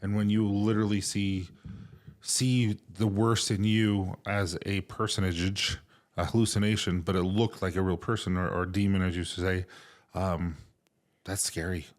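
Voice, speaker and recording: A man's voice: low voice, little pitch movement. A middle-aged man co-hosting a podcast, talking casually and emotionally with lots of fillers and restarts. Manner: halting, emotional, many fillers. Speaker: podcast co-host. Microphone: remote recording setup.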